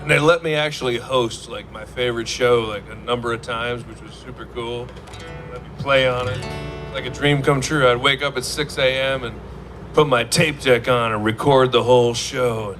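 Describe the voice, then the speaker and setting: A man's voice: mid-range voice, steady tone, moderate pace, a bit bright. A man, a singer-songwriter, rambling through a story with lots of fillers between songs on a festival stage. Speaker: singer-songwriter performing live. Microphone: stage vocal mic. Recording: live band music behind.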